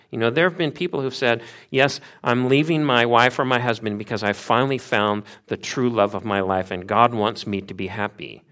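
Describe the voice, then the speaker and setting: A man's voice: medium pitch, steady tone, normal speed, few pauses, fairly bright tone. A man preaching a sermon in an earnest, conversational way, repeating phrases for emphasis. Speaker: pastor.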